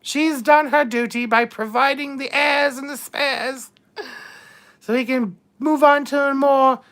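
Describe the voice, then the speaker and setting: Brief: woman as a vain mature duchess, high-voiced, unhurried drawl, bawdy and grand. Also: steady tone, a bit bright. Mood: flirtatious. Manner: drawling, calls everyone darling, bawdy innuendo. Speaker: live-stream host in character. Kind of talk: live chat read-out in character.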